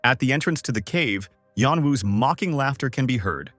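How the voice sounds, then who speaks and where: A man narrating a comic story recap as scripted narration, voicing each character's lines by raising his pitch. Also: moderate pace, no room sound, faint music behind. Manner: lively, voices characters with higher pitch.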